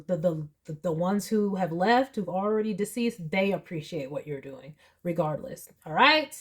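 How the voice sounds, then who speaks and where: A woman giving a tarot reading to camera, earnest and emotional, with many fillers. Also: medium pitch. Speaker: tarot reader.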